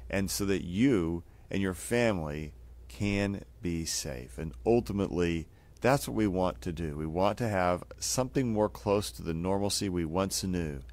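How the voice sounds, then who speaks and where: A man's voice: low voice, unhurried, darkish tone. A man who is a doctor and co-host, speaking earnestly and sincerely to viewers.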